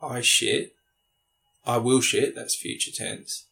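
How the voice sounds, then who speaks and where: A man's voice: mid-range voice, fairly even intonation, slow pace, creaky, bright, forceful tone. A man co-hosting a casual podcast, joking crudely and swearing freely. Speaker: podcast co-host.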